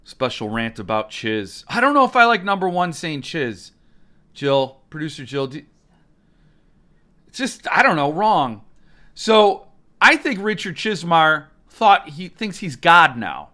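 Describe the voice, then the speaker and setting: High, bright ranting man. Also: sing-song, measured pace. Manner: exasperated, rambling, mock-outraged, with sudden screams. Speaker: host of a live stream. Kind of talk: comedic ranting live stream.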